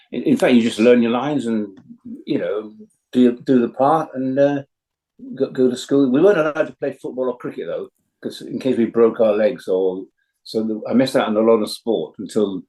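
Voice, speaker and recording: A man's voice: medium pitch, mellow, low-quality recording. A man in his seventies from Yorkshire, a veteran actor telling anecdotes as an interview guest. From England, Yorkshire. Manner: chatty anecdotal storyteller. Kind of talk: casual interview chat.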